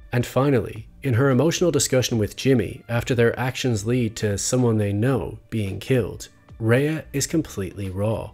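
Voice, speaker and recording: Measured man narrating a video essay. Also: lowish voice, darkish tone. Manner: measured, analytical delivery. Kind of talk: scripted narration. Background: faint background music.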